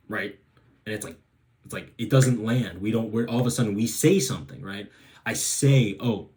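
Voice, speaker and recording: A man's voice: mid-range voice, darkish tone. A man hosting a video and giving relationship advice in a loose, conversational way, often ending his points with "right?" and using plenty of fillers. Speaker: host. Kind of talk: advice talk to camera.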